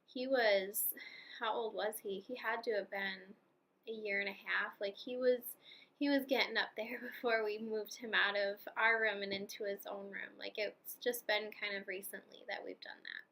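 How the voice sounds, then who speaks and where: A woman's voice: mid-range voice, steady tone, normal speed, gravelly, bright, forceful tone. A pregnant young woman chatting casually in a vlog, rambling with fillers and little laughs. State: heavily pregnant. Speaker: vlogger.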